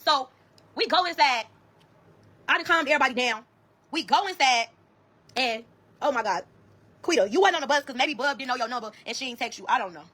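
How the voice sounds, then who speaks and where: A woman's voice: sits high, brisk, pauses often. A woman with a Chicago accent telling a story to viewers, blunt and profane, acting out the dialogue. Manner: blunt, profane, animated retelling with quoted dialogue.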